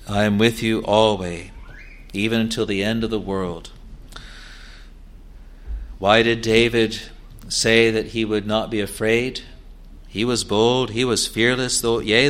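A man preaching a sermon in an earnest, halting way, with many fillers and restarts, rising to emphatic declarations. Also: fairly low pitch, fairly bright tone.

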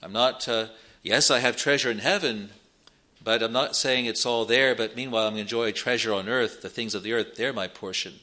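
Male pastor, earnest sermon delivery, bright tone, middle pitch. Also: fairly quick. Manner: earnest, rises in pitch and volume on scripture quotes. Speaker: preacher.

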